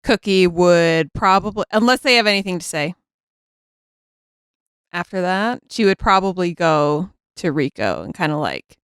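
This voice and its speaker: A woman playing a tabletop game in a slow, drawn-out way, her pitch swinging widely. She stops and restarts often. Her voice is smooth and dry, close to the mic. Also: dry recording. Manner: halting, many restarts, lively laughter. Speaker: player. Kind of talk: casual tabletop role-play.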